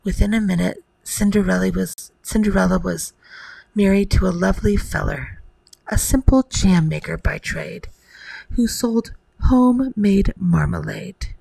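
A woman's voice: mid-range voice, a little slow, vocal fry, dark tone, no echo, rough recording. A woman telling a rhymed bedtime story to the listener in a whispered role-play.

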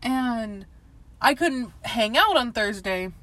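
A woman's voice: a little high, expressive, takes it slowly, sharp tone, dry recording. A young woman casually telling a personal story, rambling with lots of filler words, laughing often and swearing. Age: young adult. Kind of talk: casual chat.

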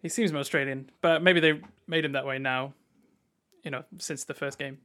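A man's voice: mid-range voice, steady tone, normal speed, sharp tone. A man co-hosting a casual podcast, blunt and swearing casually as he talks. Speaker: podcast host. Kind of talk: casual chat.

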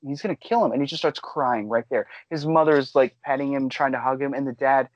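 A man's voice: medium pitch, a little fast, dry recording, lo-fi sound. A man chatting casually as a podcast co-host, telling stories with energy and acting out what people said. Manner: animated storyteller, acts out quotes. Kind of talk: casual chat.

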